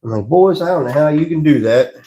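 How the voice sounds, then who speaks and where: A relaxed man talking through a live stream while he works at the wheel in his pottery workshop. His voice sits slightly high for a man, and his talk wanders easily from one thing to the next, broken by small chuckles. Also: brisk. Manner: easygoing, rambling, chuckles often. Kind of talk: casual live-stream chat while working.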